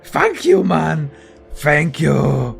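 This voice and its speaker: A man voicing a scrawny, cheeky male goblin prisoner in a video game, in a shrill, excitable voice. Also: extremely slow, vocal fry, soft background music, full character voice. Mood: excited.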